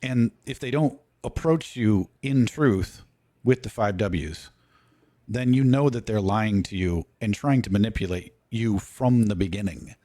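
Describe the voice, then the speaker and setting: A man's voice: lowish voice, a little slow, dark tone, dry recording. A man in casual talk, lecturing and walking through his points one by one.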